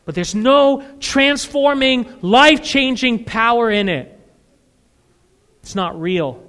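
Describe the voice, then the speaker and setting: Male pastor, sermon delivery, very high and bright voice, dramatic shouted asides, reverberant church hall. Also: slow pace. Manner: animated preaching, voice leaping high and loud to act out voices of churchgoers. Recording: echoey hall with long reverb.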